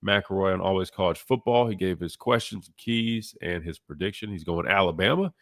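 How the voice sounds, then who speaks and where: Low-voiced, congested male radio host. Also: normal speed, fairly bright tone, no room sound, studio quality. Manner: casual, rambling, many fillers. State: nasal, congested voice. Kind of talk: sports talk radio.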